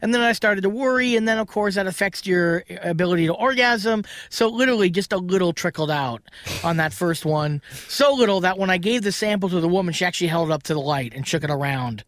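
A man's voice: high-pitched, quick pace, no echo. A man hosting a podcast in a studio, telling frank, crude stories in casual comedic chat. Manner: frank, crude, animated storytelling. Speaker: podcast host. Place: recording studio. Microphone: studio microphone.

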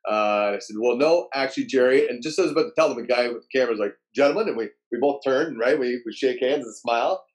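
Animated man telling a story. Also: mid-range voice, quick pace, hardly any pauses. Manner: animated, acts out quotes in raised voices. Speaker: guest storyteller. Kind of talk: casual anecdote telling.

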